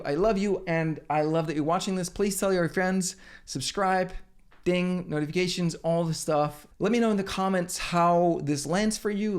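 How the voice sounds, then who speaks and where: A man hosting his channel as a business coach, giving an energetic, emphatic motivational talk to camera with casual swearing. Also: a little high.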